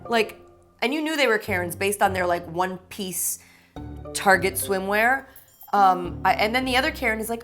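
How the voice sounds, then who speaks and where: A woman's voice: fairly high pitch, animated, fairly quick, fairly bright tone, soft background music. A woman hosting her own vlog, telling stories in a sarcastic, gossipy way and swearing freely. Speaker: vlog host. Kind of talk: confessional to-camera storytelling.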